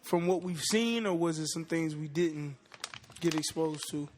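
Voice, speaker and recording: A man's voice: a little high, a little slow, slight background noise. A man hosting a podcast, asking loose, rambling questions with lots of "like" and "right, right". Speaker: podcast host. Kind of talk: casual interview chat.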